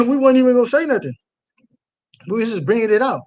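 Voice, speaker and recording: A young man with a notably high-pitched voice preaches and reacts live to a clip. He swings between low, muttered asides and heated, loud outbursts, full of fiery conviction. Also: sing-song, a little fast. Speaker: street preacher reacting to a video.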